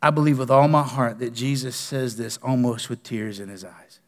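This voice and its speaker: A man preaching a sermon as pastor, moving between passionate declarations and soft, pleading prayer. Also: medium pitch, steady tone, normal speed. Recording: long reverb of a church hall.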